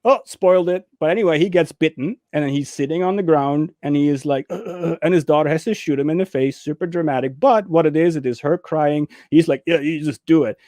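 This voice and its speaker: A man's voice: a little high, brisk, hardly any pauses, dry recording, clean studio sound. A man co-hosting a casual movie discussion, telling stories with lots of energy and acting out scenes in raised voices. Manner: animated storyteller, acts out scenes in raised voices. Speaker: co-host of a movie talk show.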